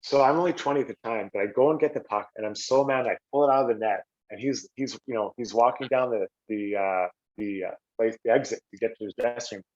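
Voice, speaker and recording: A former hockey player, a middle-aged man from Canada, talks fast with few pauses as he casually swaps stories on a podcast. He gets animated, raising his voice to act out quotes, and the recording is slightly dull and lo-fi.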